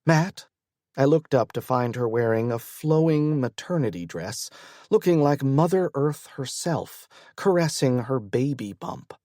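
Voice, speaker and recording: A man reads a first-person romance audiobook in a measured, intimate way, at a slow, unhurried pace. His voice sits at a middle pitch and is recorded close and dry, with no room sound. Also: lively intonation, warm tone, dry recording. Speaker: audiobook narrator.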